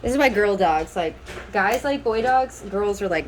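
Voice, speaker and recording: A woman's voice: mid-range voice, animated, normal speed, slight background noise. A young woman chatting casually in a busy family home, teasing and rambling as she works in the kitchen. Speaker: vlogger. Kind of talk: casual home vlog chat.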